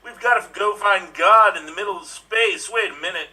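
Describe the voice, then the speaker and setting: A man's voice: high voice, moderate pace, pushed and bright, far from the mic, rough recording. A man playing a swaggering starship captain. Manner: bold, dramatic captain's delivery. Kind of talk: improv sketch.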